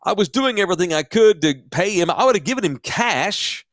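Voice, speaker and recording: Male talk-show host, lively profane storyteller, slightly high voice, dry close sound. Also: a little fast, no echo. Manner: animated, profane, self-mocking. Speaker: podcast host. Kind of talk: casual storytelling.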